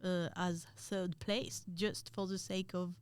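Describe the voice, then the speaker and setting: French woman, tattoo artist guest, slow and hesitant, dry close sound. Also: on the low side, flat delivery, clean tone, no echo. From France. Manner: hesitant, many ums, searching for words. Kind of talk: casual chat.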